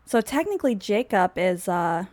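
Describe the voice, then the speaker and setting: A woman's voice: mid-range voice, sing-song, normal speed, darkish tone. A woman casually narrating a life-simulation storyline, chatty and rambling, explaining the characters as she goes. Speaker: game storyteller.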